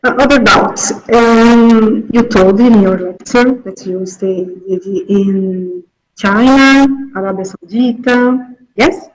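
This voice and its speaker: Slow, hesitant interviewer with a Brazilian accent. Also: mid-range voice. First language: Brazilian Portuguese. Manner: hesitant, many "uh" pauses. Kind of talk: interview questions. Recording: echoey room.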